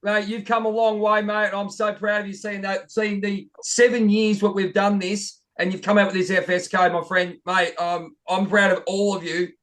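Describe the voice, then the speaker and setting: A man hosting a casual spiritual podcast over a video call, excitable and calling everyone mate. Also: sits high, normal speed, hardly any pauses. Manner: excitable, keeps saying "mate". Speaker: podcast host.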